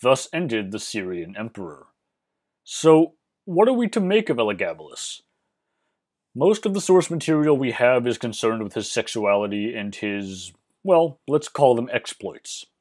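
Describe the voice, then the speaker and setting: A man narrating a history lesson, measured and explanatory with dry, wry asides. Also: medium pitch, big pitch swings, a little mellow. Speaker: history channel host.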